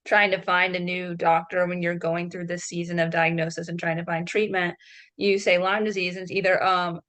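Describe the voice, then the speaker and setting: A woman's voice: on the low side, little pitch movement, normal speed, a bit bright. A woman co-hosting an interview, asking questions in a casual, conversational way with many fillers. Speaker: guest co-host.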